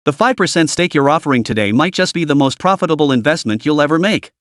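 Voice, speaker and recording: A man voicing a calm, confident young investor. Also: fairly high pitch, fast, no room sound, studio quality. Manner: calm, self-assured.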